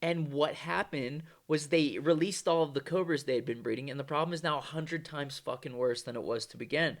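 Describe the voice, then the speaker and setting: A man's voice: fairly high pitch, brisk. Profane, rambling man vlogger. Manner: profane, rambling, loose and conversational. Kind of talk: casual rambling monologue.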